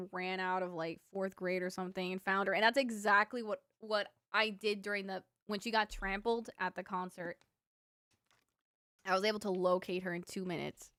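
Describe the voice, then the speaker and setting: A young woman streaming live tells viewers childhood stories, rambling and filler-heavy, often laughing at her own stories; her family is Cuban. She speaks fairly quickly in a mid-range voice with little pitch movement and a fairly bright, clean tone, recorded dry at studio quality.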